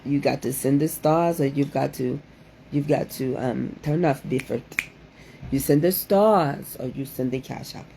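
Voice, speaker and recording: A woman's voice: extremely low pitch, a little slow, gravelly, warm tone, a little hiss or hum. A woman hosting a playful livestream, exclaiming dramatically and repeating her phrases in a sing-song way. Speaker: livestream host doing card readings.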